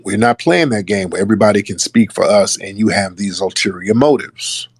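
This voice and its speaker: A man with a low, husky voice delivers casual political commentary in an emphatic, scornful way. The sound is close and dry, with no room echo. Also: brisk. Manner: emphatic, scornful, mimics others. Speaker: online commentator.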